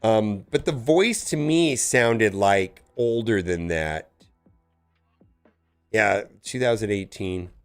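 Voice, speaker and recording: A man streaming a mobile game, chatting casually with viewers in a rambling, stammering way that bursts into loud exclamations. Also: lowish voice, lively intonation, takes it slowly, smooth, faint music behind.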